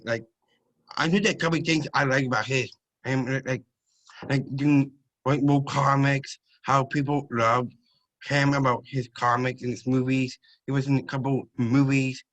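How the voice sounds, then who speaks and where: A man's voice: mid-range voice, low-quality recording. A male student interviewer asking questions hesitantly, stammering and restarting often.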